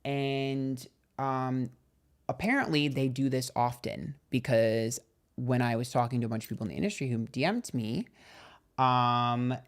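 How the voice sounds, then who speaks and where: A young man talks casually to his livestream viewers. His voice is mid-pitched, and his delivery is chatty and gossipy, with plenty of swearing. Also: measured pace, clean tone. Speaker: tarot reader and livestream host.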